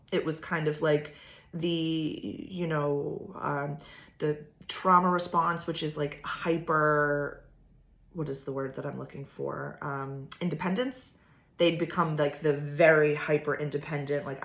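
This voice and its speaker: In an echoey room, a woman with a low, creaky yet fairly bright voice vlogs about astrology. Her casual monologue rambles along, full of fillers and swearing.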